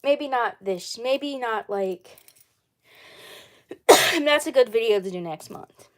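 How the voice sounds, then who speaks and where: Woman, live stream host, casual chat, rambling, repetitive, somewhat high voice. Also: expressive, takes it slowly. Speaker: channel host.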